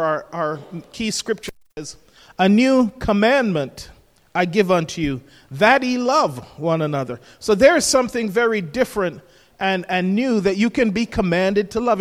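A man preaching a sermon, emphatic, repeating key phrases and asking rhetorical questions. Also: high-pitched. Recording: long hall reverb.

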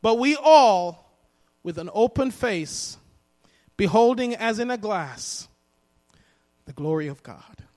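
High-voiced preacher in a reverberant hall. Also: male voice, lively intonation, takes it slowly, pauses often, a little mellow. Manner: emphatic, repeats lines for the congregation to echo. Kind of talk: sermon.

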